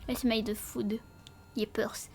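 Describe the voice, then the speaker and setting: A high-pitched woman chatting casually with her stream viewers, playful and goofy, with a lot of cursing. She speaks at an unhurried, drawn-out pace and sounds a little sleepy. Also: a little mellow. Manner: playful, silly, swears often, talks to chat. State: sleepy, yawning. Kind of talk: casual livestream chat.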